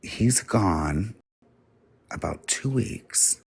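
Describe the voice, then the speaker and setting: A man's voice: sits low, expressive, drawn-out words, gravelly, husky, no echo. A man telling a personal story on a livestream in a blunt, profane, casual way.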